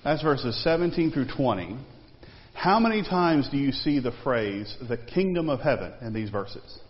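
A man's voice: mid-range voice, lively intonation, normal speed. A man teaching a Bible study class in a conversational way, quizzing his listeners with questions. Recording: long reverb, dull lo-fi sound.

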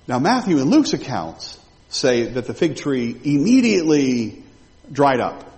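Guy pastor preaching, mid-pitched voice, throws questions at the crowd, lots of hall reverb. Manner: animated, rhetorical questions to the congregation. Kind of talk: sermon. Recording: long reverb of a large hall.

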